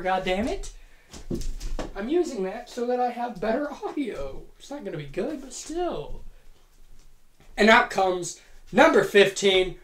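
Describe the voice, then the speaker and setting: A woman's voice: on the high side, very animated, measured pace, long pauses, slight background noise. A woman telling a playful, profane story in a casual monologue as a podcast host. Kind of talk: casual fantasy-booking monologue. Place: home room. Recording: echoey home room.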